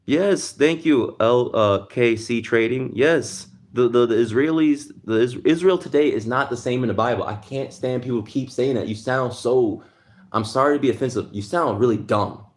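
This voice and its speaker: A man's voice: medium pitch, normal speed. A man hosting a livestream, ranting heatedly in a casual monologue and answering chat. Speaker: livestream host.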